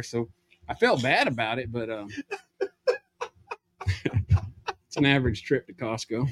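A man, a podcast guest telling a comic story in an animated way, acting out voices and laughing as he goes. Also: mid-range voice, measured pace, pauses often, slight background noise.

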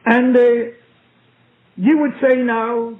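A man preaching a sermon in church as a visiting preacher, reading scripture slowly and repeating himself for emphasis. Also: extremely high pitch, fairly even intonation. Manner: slow, emphatic, repetitive delivery. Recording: tinny phone-like old recording.

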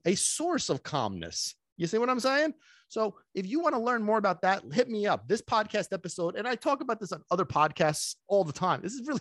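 A man hosting a solo podcast as a dog trainer, talking in an excitable, emphatic way and dropping in Sicilian phrases and casual swearing. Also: sits high, no room sound, clean studio sound. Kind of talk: energetic solo podcast talk.

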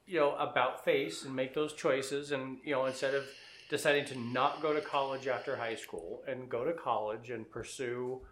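A man's voice: medium pitch, fairly even intonation, normal speed, fairly bright tone, roomy sound, slight background noise. A man in casual podcast chat, talking enthusiastically and rambling a bit.

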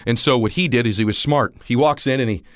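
A man in his forties giving a motivational talk, telling stories and acting out the dialogue, at times rising almost to a shout. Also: medium pitch, fast, no room sound, studio quality. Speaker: motivational speaker.

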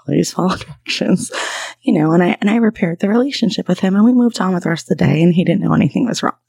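A woman's voice: fairly low pitch, very fast, gravelly, warm tone, breathy edge, no echo. A woman in her thirties hosting a podcast as a trauma therapist, talking candidly and chattily with frequent laughs. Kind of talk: casual solo podcast talk.

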